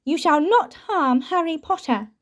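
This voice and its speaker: A woman voicing a small, excitable male house-elf with a high, shrill voice and an earnest manner. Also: a little slow. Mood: fierce. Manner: fierce, earnest, speaks of himself by name.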